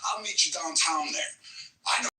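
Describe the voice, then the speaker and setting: A man's voice: a little high, moderate pace, over music. Furious swearing man, roomy and distant. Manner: furious, taunting, swearing rant. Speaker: livestream host. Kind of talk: profane call-in rant. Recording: roomy echo from far off the mic.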